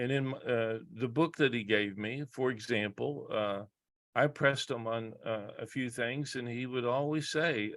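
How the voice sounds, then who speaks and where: A man speaking as a guest psychologist in a reflective conversation, earnest and halting, with frequent restarts and pauses, heard over a video call. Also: medium pitch, a bit bright, no echo.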